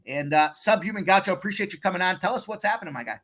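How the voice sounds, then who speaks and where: Man, host, high-pitched, bright, energetic slangy hype talk. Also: very fast. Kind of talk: hyped-up sports betting show hosting.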